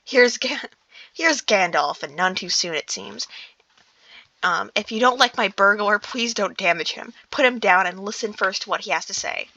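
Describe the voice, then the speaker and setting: A woman reading the lines of a commanding old male wizard, calm and firm, with a dull lo-fi sound. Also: medium pitch, normal speed.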